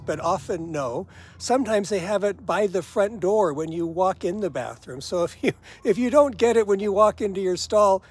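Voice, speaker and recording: A man's voice: sits high, a little mellow. An older man chatting to camera about everyday gripes, wry and easygoing, often laughing at himself. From United States. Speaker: vlogger. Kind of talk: casual talk to camera.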